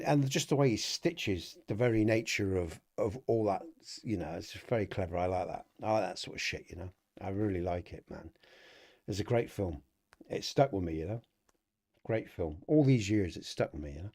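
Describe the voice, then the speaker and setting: A man's voice: fairly low pitch, darkish tone. A middle-aged man hosting a casual livestream podcast, rambling and chatty, laughing often and talking to viewers in the chat. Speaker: podcast host.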